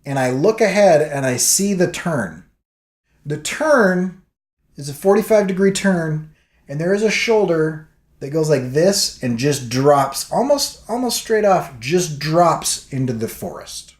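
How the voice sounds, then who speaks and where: A man's voice: on the high side, a little slow, roomy sound. A man vlogging, telling a story casually and acting out what people said. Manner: animated storyteller acting out quotes.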